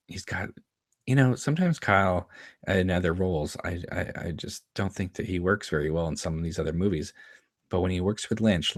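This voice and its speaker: Very low-voiced man chatting over an episode. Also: no room sound, studio quality. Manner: chatty, laughs often, quotes lines from the scene. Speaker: show host commenting on an episode. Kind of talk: casual watchalong commentary.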